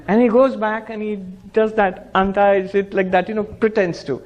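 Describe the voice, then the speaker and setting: A man's voice: high voice, moderate pace, hardly any pauses. A man teaching Vedanta as a monk, telling a parable with acted-out dialogue. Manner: animated storyteller, acts out characters' lines, chants Sanskrit verse. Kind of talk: spiritual lecture with storytelling.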